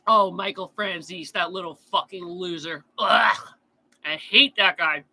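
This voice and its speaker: A man's voice: sits high, measured pace, vocal fry, sharp tone, rough recording. A man chatting casually on a true crime stream, answering chat in a blunt, profane rant.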